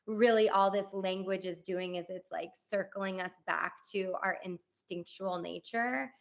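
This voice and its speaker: A woman's voice: mid-range voice, steady tone, a little slow, vocal fry. Chatty woman podcast host, lo-fi. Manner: chatty, many "like" and "you know" fillers. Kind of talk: casual interview chat.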